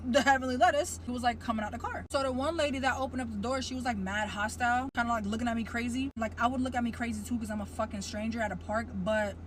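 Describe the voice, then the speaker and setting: Woman, storytime clip, casual, blunt, profane, somewhat high voice. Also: quick pace, few pauses, slight background noise, rough recording.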